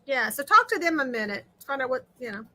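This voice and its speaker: A middle-aged woman hosting a craft livestream, chatting casually and talking loudly so her guest can hear over the audio trouble. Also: high-pitched, sing-song, fast. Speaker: livestream host.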